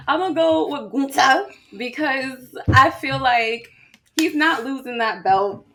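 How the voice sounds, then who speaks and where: A woman co-hosting a podcast chats casually, animated and laughing a lot, with plenty of fillers. Her voice is high-pitched and unhurried, with slight background noise.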